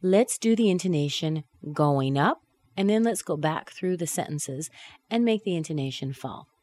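A woman teaching a pronunciation lesson, reading model sentences slowly with exaggerated intonation. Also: deep voice, lively intonation, darkish tone. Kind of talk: recorded lesson.

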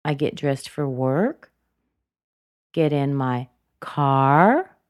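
A woman casually describing her daily routine, pausing often with ums. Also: extremely low pitch, expressive, a little mellow, no echo, clean studio sound. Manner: hesitant, with frequent ums. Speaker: recorded speaker in a sample clip.

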